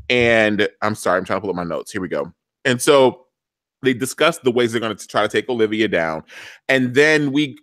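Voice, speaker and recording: A man hosting a TV recap show, chatting in an animated, digressive way. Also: lowish voice, no echo, studio quality. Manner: animated, digressive, acts out scenes. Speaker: podcast host. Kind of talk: TV recap chat.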